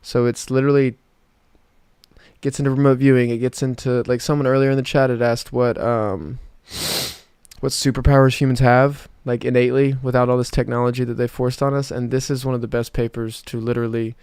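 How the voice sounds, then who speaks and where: Fairly quick and flat, his medium-pitched voice comes across slightly mellow and smooth in clean studio audio with no room sound. The speaker, a twentysomething from South Georgia, hosts a relaxed livestream, reading chat and rambling with many fillers and restarts.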